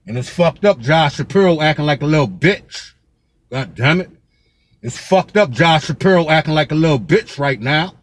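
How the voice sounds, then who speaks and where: Local man from Pennsylvania, heated and profane, raised voice, rapid-fire repetition. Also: a little high, lively intonation. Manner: fiery, profane, repeats "God damn it". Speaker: local commentator. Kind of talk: street vlog rant.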